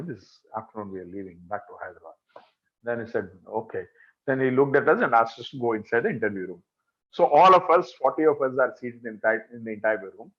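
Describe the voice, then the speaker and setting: Indian man telling a lively story. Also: on the high side, dull audio. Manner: animated, acts out quoted dialogue. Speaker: speaker at a spiritual gathering. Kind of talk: storytelling talk.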